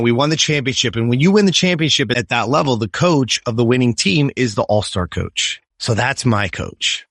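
A man in his fifties tells a personal story as an interview guest. He speaks in an emphatic, swearing way at a mid-range pitch, and the recording is dry and close. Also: fairly bright tone, dry recording. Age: 50s. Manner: emphatic and profane, keeps asking "right?". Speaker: podcast guest.

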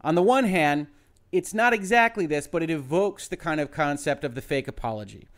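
A man who is a lawyer giving measured, methodical commentary and explaining his reasoning step by step. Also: fairly high pitch, lively intonation, a bit bright. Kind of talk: analytical legal commentary.

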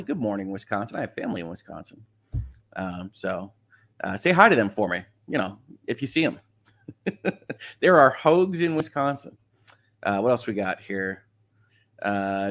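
Reading out viewer comments and laughing often as he talks them over, a middle-aged host from Michigan runs a relaxed morning livestream. His voice is medium in pitch and slightly bright.

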